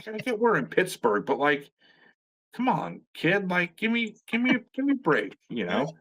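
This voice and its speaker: Here the same kind of speaker, a middle-aged veteran pro wrestler, spins profane, rambling yarns at a moderate pace, often starting over and joking sarcastically. His high-pitched, slightly bright voice swings hugely in pitch during the casual conversation.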